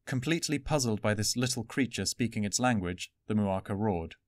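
A man narrating a fantasy adventure story in an even, steady storytelling manner. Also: fairly low pitch, brisk, dry recording. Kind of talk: audiobook fan reading.

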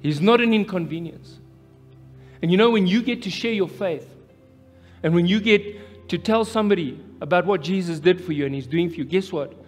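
South African male pastor, Afrikaans-inflected, higher voice, fervent repetitive preaching, live hall reverb. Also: normal speed, soft background music. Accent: South African, Afrikaans-influenced. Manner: impassioned, repeats phrases, preaching cadence. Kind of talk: live sermon. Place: church hall.

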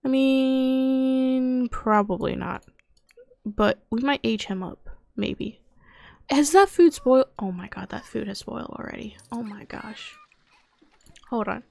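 A woman's voice: a little high, fairly even intonation, takes it slowly, vocal fry, long pauses, darkish tone. A young woman casually commenting on her video game as she plays, chatting to her characters and muttering to herself. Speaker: gaming youtuber. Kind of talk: casual let's-play commentary.

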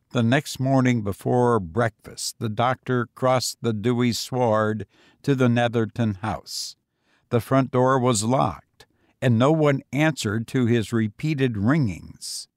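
A man reading a short story aloud as an audiobook narrator, measured and deliberate. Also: mid-range voice, no echo, clean studio sound.

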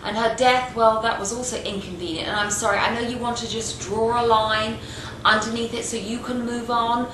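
A British woman hosting a casual tea-and-chat video, talking in an animated, gossipy way and sometimes slipping into silly put-on voices. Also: a little high, moderate pace, roomy sound, noisy background. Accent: British English. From Britain. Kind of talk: casual chatty monologue.

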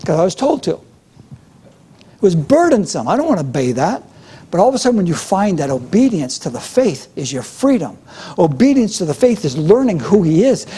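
A man's voice: high-pitched, very animated, a little fast, warm tone, slightly rough. A middle-aged man preaching a sermon as pastor, with a fervent, repetitive preaching cadence.

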